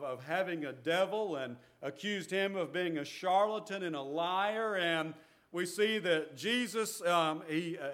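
A man's voice: high-pitched, fairly bright tone. A man preaching a sermon, reading scripture aloud and explaining it with earnest restarts. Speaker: pastor.

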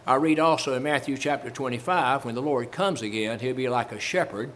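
The preacher's mid-range voice moves a little fast and sounds a bit bright, with some hiss or hum underneath. In this Baptist sermon he echoes phrases for emphasis, cites old-style King James passages, and poses rhetorical questions to those listening.

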